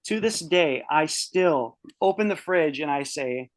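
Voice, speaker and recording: A man's voice: a little high, animated, measured pace, hardly any pauses. A man in his early thirties telling a personal story on a podcast, casual and rambling, swearing freely with many restarts. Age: 30s. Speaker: podcast guest.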